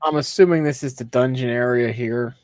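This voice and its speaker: A man's voice: medium pitch, fairly quick, a little mellow, slight background noise. A man co-hosting a casual chat, explaining a board game and reading its box text aloud. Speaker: co-host.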